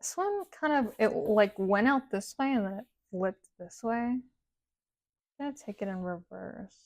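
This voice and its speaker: A woman's voice: medium pitch, lively intonation, normal speed, dry recording, studio quality. Chatty woman reading tarot. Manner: chatty, rambling, says "like" often; sing-song sentence endings. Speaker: tarot reader.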